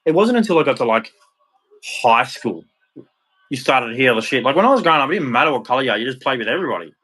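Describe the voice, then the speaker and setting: A man's voice: mid-range voice, sing-song, fast talker, fairly bright tone, husky. An Australian man in his thirties ranting bluntly and heatedly in a casual monologue, swearing freely. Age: 30s. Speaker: vlogger.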